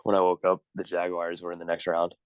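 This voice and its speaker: A young man with a very deep, flat voice talks sports on a podcast and throws in dry, wry one-liners. He stays level and even. The sound is close and dry. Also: fast talker, clear, resonant tone, dry recording, low-quality recording. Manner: short wry quips. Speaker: podcast co-host. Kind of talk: casual sports chat.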